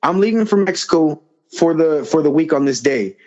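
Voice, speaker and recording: A man's voice: fairly high pitch, lively intonation, moderate pace, a little mellow. A man as a podcast guest, telling a personal story in a rambling way, repeating phrases and acting out the dialogue. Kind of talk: casual storytelling. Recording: slightly dull lo-fi audio.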